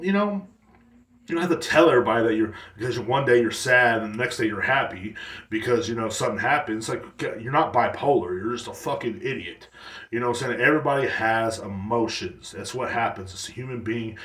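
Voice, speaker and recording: A man's voice: on the low side, fairly quick, a bit bright, reverberant, far from the mic. A man in his thirties hosting a casual solo podcast, rambling and blunt, with lots of swearing. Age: 30s. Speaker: podcast host.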